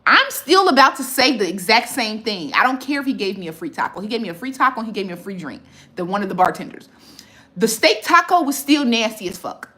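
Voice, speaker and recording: A woman's voice: a little high, brisk. A woman, a food reviewer chatting casually on a livestream and answering viewers' comments. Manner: animated, reads and answers viewer comments, repeats herself. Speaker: food reviewer and content creator. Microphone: phone livestream.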